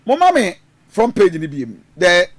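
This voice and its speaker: A man's voice: sits high, wildly swooping pitch, normal speed, no room sound. A man hosting a radio show, talking through the news with frequent fillers and switching between English and Twi. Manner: mixes Twi into English, many fillers and restarts. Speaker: radio host. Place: radio studio.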